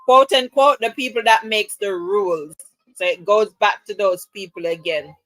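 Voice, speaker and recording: A woman's voice: mid-range voice, moderate pace, dry recording, poor audio. A woman hosting a casual livestream, reading viewer comments aloud and teasing them, laughing often. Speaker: livestream host. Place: at home, camera off.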